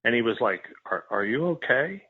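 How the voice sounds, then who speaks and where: Husky low guy telling his story raw, swears a lot, sounds like a phone call. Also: very animated, moderate pace. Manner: emotional, repetitive, swears freely. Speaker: podcast guest. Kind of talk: candid personal storytelling. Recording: tinny phone-like line.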